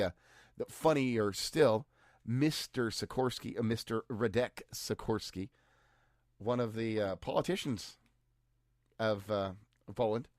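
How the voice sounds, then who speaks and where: A man's voice: medium pitch, a little mellow, no room sound. A man co-hosting a podcast, giving news commentary in a dry, sarcastic way with mock-cheerful asides. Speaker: podcast co-host.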